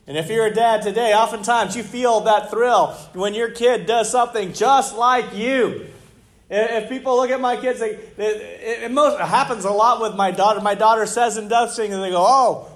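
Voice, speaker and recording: A middle-aged man preaching a sermon as pastor, conversational and animated, full of rhetorical questions to the congregation. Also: high-pitched, normal speed.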